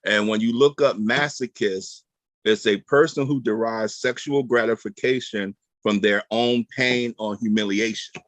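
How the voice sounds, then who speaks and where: A man's voice: on the low side, fairly even intonation, a little slow, no echo. A man explaining a point in a group discussion over a video call, with frequent ums.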